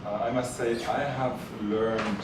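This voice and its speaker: A man hosting a live event, speaking to the audience in a halting way with many fillers. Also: fairly low pitch, steady tone. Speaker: event host. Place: event hall. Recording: very echoey hall, mic far off, noisy.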